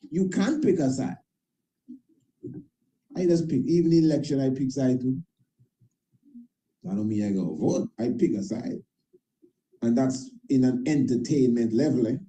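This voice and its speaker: A man's voice: a little high, mellow, poor audio. A man speaking as a priest in an impassioned monologue, emphatic and repetitive, with informal grammar and frequent tag questions. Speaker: priest and internet show host. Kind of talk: impassioned talk-show monologue.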